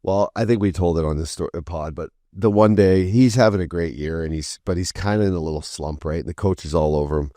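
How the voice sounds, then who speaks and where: Deep-voiced laid-back hockey podcast co-host. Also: male voice, a little fast, few pauses, mellow, no echo, clean studio sound. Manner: laid-back, profane storyteller. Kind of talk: casual chat.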